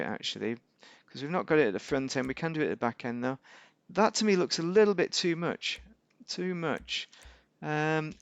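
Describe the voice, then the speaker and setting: A gaming YouTuber with a fairly high, slightly bright voice gives casual, rambling gameplay commentary, correcting himself and adding wry asides. The recording is dry.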